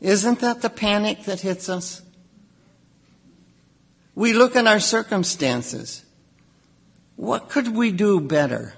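Gravelly high-voiced male preacher. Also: takes it slowly, pauses often. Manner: animated, acts out quoted voices with sudden high outbursts. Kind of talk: sermon.

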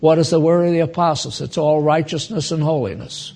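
A man in his nineties giving an informal Bible teaching, slow and chatty, with asides to his listeners. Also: fairly high pitch, fairly even intonation, gravelly, darkish tone. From United States. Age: 90s.

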